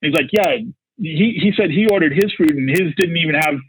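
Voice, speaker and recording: A man's voice: on the high side, brisk, breathy edge. A man telling a story as a podcast guest, rambling with constant "like" and "you know". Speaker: marketing executive guest. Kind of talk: casual anecdote telling. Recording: dull lo-fi sound, dry.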